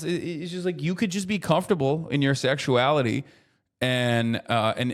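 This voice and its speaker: An American man in his thirties doing casual livestream commentary, talking to his chat with profane, animated rants. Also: mid-range voice. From United States. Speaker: streamer reacting to chat.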